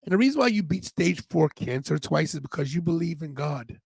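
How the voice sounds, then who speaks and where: A man co-hosting a wrestling watch-along podcast, talking loud and excitable in casual chat, often cutting in over his co-host. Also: a little high, fairly quick, gravelly, slightly rough, no room sound.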